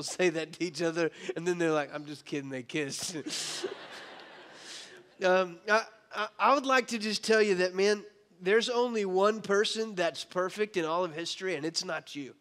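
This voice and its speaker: A man's voice: high voice, a bit bright, smooth, long reverb tail. A man preaching a sermon as pastor, casual and joking, acting out the people in his story. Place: church hall.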